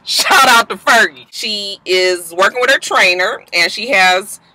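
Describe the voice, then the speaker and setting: Brief: woman vlogger, very bright edgy tone, sassy and profane, gossipy recap delivery. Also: medium pitch, a little slow, low-quality recording. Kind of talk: casual episode recap commentary.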